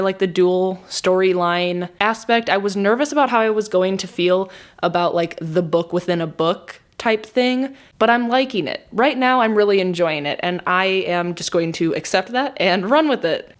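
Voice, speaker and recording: A young woman chatting casually and upbeat in a vlog about her reading weekend. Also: mid-range voice. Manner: chatty and upbeat, with laughs and self-talk. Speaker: booktuber vlogging a readathon.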